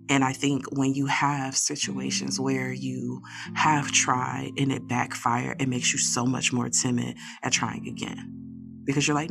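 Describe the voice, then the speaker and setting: A woman with a low, gravelly voice co-hosts a podcast in casual chat. She talks candidly and animatedly. Guitar music plays clearly behind her. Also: flat delivery, a little slow. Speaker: podcast co-host.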